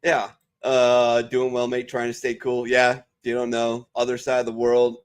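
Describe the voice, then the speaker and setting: A man's voice: medium pitch, monotone, normal speed, smooth. A man hosting a casual chat among veterans, loose, joking and heavy on profanity. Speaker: show host.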